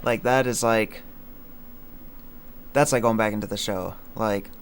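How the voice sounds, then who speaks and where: A man's voice: lowish voice, fairly even intonation, a little slow, slight background noise. A young man in casual livestream chat, rambling with many fillers and slang as he breaks down his own song lines. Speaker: streamer explaining his song.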